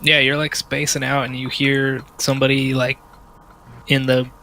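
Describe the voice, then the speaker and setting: Bright-voiced man running a tabletop game. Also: medium pitch, completely flat delivery, normal speed, gravelly, a little hiss or hum, low-quality recording. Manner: casual, filler-heavy description. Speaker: game master.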